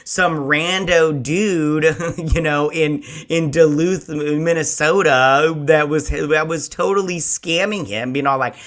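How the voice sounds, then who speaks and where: Bright-voiced man chatting casually. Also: fairly high pitch, takes it slowly. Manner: rambling, acts out scenes in quoted voices. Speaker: show host and TV reviewer. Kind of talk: casual review chat.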